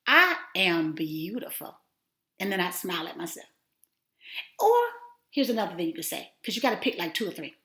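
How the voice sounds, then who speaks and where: A woman teaching a self-affirmation lesson in an encouraging, animated way, at times dropping to a near-whisper. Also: lowish voice, quick pace, pauses often. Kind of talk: casual spoken lesson. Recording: roomy echo.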